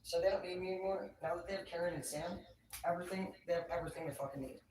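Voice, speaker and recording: A man's voice: sits high, fairly even intonation, rapid-fire, background noise. A man doing a livestream tarot reading in a heated, profanity-laced rant, picked up by a distant mic. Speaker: tarot reader. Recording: roomy, distant mic, faint ambience.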